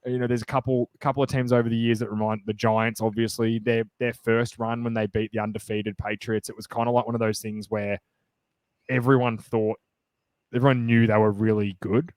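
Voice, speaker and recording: A man co-hosting a sports podcast, chatting casually and getting excited, rambling with many fillers and restarts. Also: on the low side, normal speed, no room sound. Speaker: podcast co-host.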